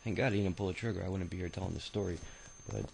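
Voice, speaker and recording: A man's voice: deep voice, racing, gravelly, a little mellow, slight background noise, rough recording. A man in his thirties telling his own life story in a rambling, profane, casual way, full of filler sounds. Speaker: autobiography narrator. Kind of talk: casual spoken memoir storytelling.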